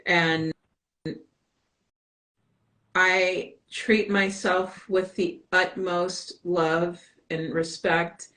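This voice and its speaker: A woman guest in a casual live-stream chat, speaking calmly and reflectively. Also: on the low side, drawn-out words, long pauses, low-quality recording.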